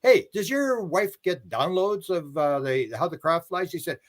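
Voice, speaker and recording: A man with a fairly high speaking voice, talking as an interview guest. He rambles through stories, repeats words and restarts his sentences, and lifts his pitch when he voices other people's lines. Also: animated, measured pace. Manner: acts out quoted dialogue with a livelier pitch; chuckles while talking. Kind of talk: casual storytelling on a live stream.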